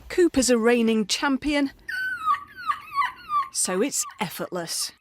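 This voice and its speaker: A woman news reporter delivers a scripted report in a measured, clear manner. Her voice sits a little high, and a light hiss of noise runs under the recording. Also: expressive.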